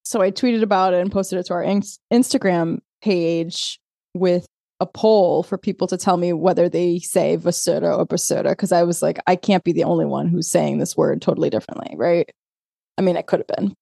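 Animated woman with a mellow voice. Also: lowish voice, creaky, no echo, studio quality. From Azores. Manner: animated storyteller, laughs often, acts out quoted texts. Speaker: podcast co-host. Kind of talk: casual chat.

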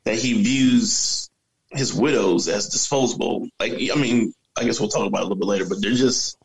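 A man as a podcast guest, talking about a movie in a casual, measured way with pauses. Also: on the low side, vocal fry, husky, low-quality recording.

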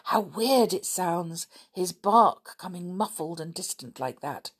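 A woman reading the part of Julian, a sensible boy who leads the group, speaking in an earnest way with her own low voice. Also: lively intonation, takes it slowly, husky, full character voice.

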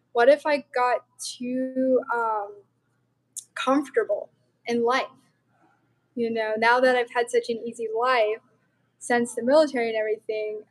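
A young adult woman from Montana, a guest telling a personal faith story in an animated, casual way, with lots of "like". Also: a little high, poor audio. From Montana, USA. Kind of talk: personal testimony in casual chat.

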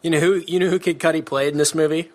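A man hosting a casual movie review chat, animated and opinionated, often laughing as he talks. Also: on the high side, fast. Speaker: podcast host.

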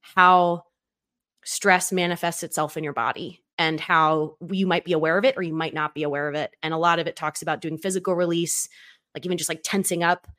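A woman's voice: on the low side, fairly even intonation, fairly quick, a bit bright. A woman co-hosting a podcast, telling a personal work story in a candid, reflective casual chat. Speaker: podcast co-host.

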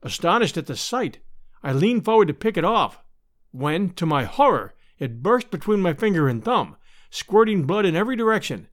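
A man narrating an adventure story as an audiobook, in an expressive storytelling manner. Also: sits high, normal speed. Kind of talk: scripted narration.

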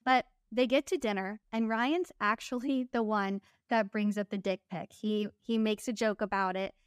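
Recorded dry and at studio quality, this podcast co-host is a young woman with a smooth, medium-pitched voice, fairly even intonation, and a moderate pace. She chats casually while summarizing a reality show, performing the cast members' lines herself.

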